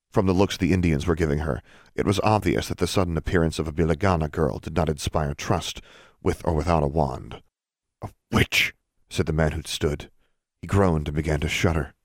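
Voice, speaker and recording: A man narrating a fantasy audiobook podcast in a measured, even storytelling manner. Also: extremely low pitch, no echo, studio quality.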